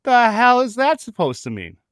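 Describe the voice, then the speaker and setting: A woman's voice: a little high, huge pitch swings, moderate pace, no room sound, studio quality, pitched above the performer's own voice. A man voicing a curt, scratchy-voiced female drive-thru worker in a comic story reading. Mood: indignant.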